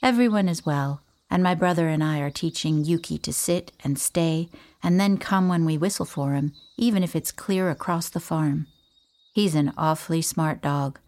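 A woman's voice: low voice, normal speed. A woman voicing an eager, easily delighted young girl. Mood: explaining. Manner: bright, eager.

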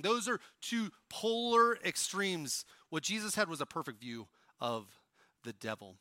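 A man from Oklahoma preaching a sermon on stage, animated, swinging from loud to hushed. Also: high voice, unhurried, no echo, studio quality. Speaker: pastor.

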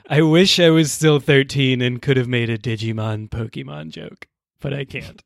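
A man's voice: mid-range voice, fairly even intonation, normal speed, gravelly, no room sound, clean studio sound. A man co-hosting a podcast in casual comedy chat, playful and laughing often. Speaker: podcast co-host.

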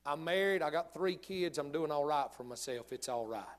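A male pastor preaching a sermon, telling humorous stories in an animated way. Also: a little high, moderate pace.

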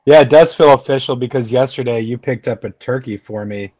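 A man's voice: medium pitch, fairly quick, darkish tone, breathy edge. A man co-hosting a radio talk show from a remote location, thoughtful and self-deprecating, with frequent fillers. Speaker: radio show co-host, academic dean. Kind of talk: casual radio talk chat. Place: remote, away from the studio.

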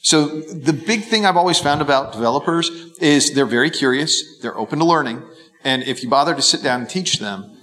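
A man on a conference panel explaining calmly and at length. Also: medium pitch, fairly quick. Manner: calm, explanatory. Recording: reverberant conference hall.

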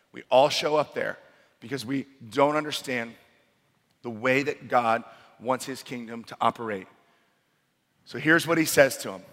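A male pastor preaching in a large church hall, his voice carrying a long reverb. He speaks with a bright, forceful tone, and his storytelling is animated and full of dramatic turns. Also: mid-range voice. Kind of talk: sermon.

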